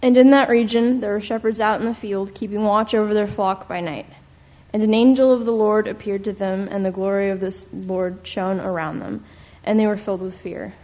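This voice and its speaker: A woman reading a Bible passage aloud in a measured, solemn way. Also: medium pitch, fairly even intonation, a little mellow. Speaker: scripture reader. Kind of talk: scripture reading.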